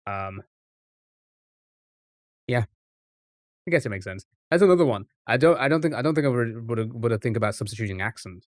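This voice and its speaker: A man on a live stream works through a puzzle out loud, stopping and restarting his sentences as he muses. His voice sits at a middle pitch. It is recorded close on a desk mic in a dry, deadened space. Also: animated, no room sound. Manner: halting, restarts often, muses aloud. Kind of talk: live-stream thinking aloud over a word puzzle.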